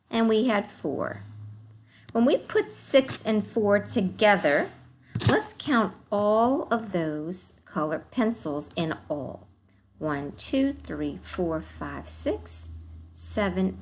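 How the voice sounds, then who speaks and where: Slow, lively woman teaching young kids. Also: mid-range voice, slight background noise. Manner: slow, encouraging, addressing children directly. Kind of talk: recorded math lesson for young children.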